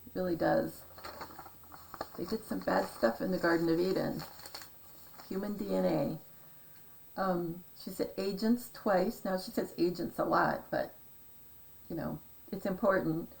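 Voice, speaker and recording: A woman's voice: fairly low pitch, fairly even intonation, unhurried, gravelly, long pauses, a little mellow, rough recording. A woman rambling through a casual monologue as a vlogger, meandering and hesitant, often trailing off into asides. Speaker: conspiracy decoding vlogger.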